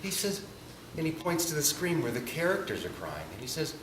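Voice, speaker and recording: A man's voice: a little high, big pitch swings, a little fast. Man speaking in an echoey chapel. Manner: conversational, checks in with frequent "all right?" and "okay?". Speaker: speaker addressing students. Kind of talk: chapel talk to a class. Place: school chapel. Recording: echoey hall, distant mic, background noise.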